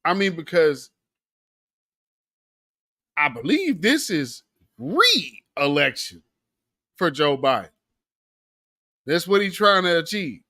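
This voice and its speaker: A man with a high, lively voice that swings widely as he rants. He delivers a slangy, sarcastic commentary monologue with heavy emphasis, recorded close and dry. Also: takes it slowly, pauses often, no echo. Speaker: commentary show host.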